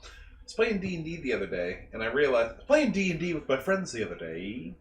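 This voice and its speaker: A man's voice: a little high, big pitch swings, a little fast. A man co-hosting a podcast in a casual chat, rambling and joking as he talks. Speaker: podcast co-host. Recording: roomy echo, faint background noise.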